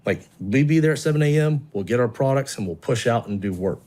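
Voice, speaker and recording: A man's voice: medium pitch, a little fast. A man who volunteers in rescue work, telling a story in an interview and acting out what people said. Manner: animated, acts out quotes.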